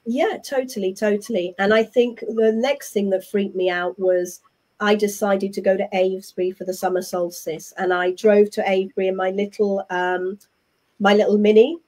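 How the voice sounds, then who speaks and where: A middle-aged woman with an English accent, a guest telling her story in a chatty, animated way and acting out what others said. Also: mid-range voice, moderate pace. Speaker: interview guest. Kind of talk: casual conversational storytelling.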